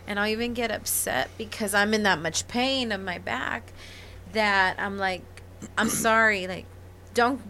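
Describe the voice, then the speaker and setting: A woman's voice: fairly high pitch, animated, measured pace, a bit bright, slight background noise. A woman in her thirties in a casual chat, blunt and laughing often, swearing freely.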